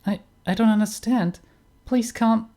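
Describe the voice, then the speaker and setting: A man voicing a proud but hurt young woman scientist in a high, strained falsetto. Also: unhurried, dark tone. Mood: distressed. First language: German.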